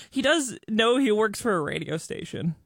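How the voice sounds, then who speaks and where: Man, radio co-host, wry joking asides, high bright voice, dry close sound. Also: gravelly, no room sound. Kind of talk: casual studio banter. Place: radio studio.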